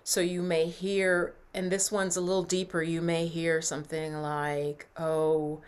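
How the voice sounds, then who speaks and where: A woman mindset coach talking earnestly to her viewers, guiding breathing and affirmations in a slow, soft voice. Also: fairly low pitch, level tone, clear, resonant tone. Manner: earnest, encouraging, slows and softens for breathing exercises. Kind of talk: coaching talk with guided affirmations.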